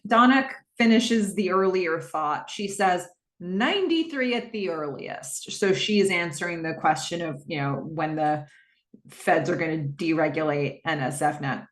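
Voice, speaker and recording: A woman's voice: sits low, normal speed, echoey room. A woman hosting a podcast, casually recapping a TV episode, narrating scenes and reading out the dialogue. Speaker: podcast host.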